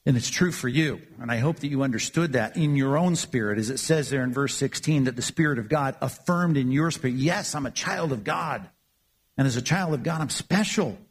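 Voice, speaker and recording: Husky-voiced male preacher. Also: mid-range voice, fairly quick. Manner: earnest, emphatic preaching with repeated phrases. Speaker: pastor. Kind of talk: sermon.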